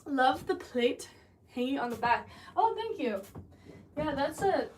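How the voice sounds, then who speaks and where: A woman ceramic artist talks casually and a bit scatterbrained to her livestream viewers while she works. Her voice sits a little high and comes from some distance off the mic. Clear noise hums behind her in the studio. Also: big pitch swings, unhurried, darkish tone. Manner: chatty, scattered, talks to chat while working. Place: pottery studio.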